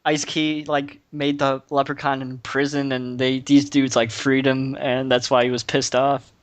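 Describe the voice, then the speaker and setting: A man joking around as a podcast co-host, his talk full of fillers. His voice sits at a middle pitch, and the recording is dry, with little room sound. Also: little pitch movement, normal speed, dry recording. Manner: jokey, filler-heavy. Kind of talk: casual chat.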